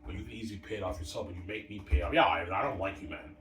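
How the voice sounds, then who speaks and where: A man's voice: low-pitched, racing, a bit bright, slight background noise. A man ranting in a rambling, profane, aggrieved solo monologue. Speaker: vlogger. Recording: echoey room, far from mic.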